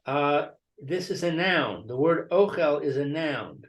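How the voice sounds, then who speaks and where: A man's voice: a little high, lively intonation, unhurried. A man reading a text aloud phrase by phrase in a study session, hesitating often.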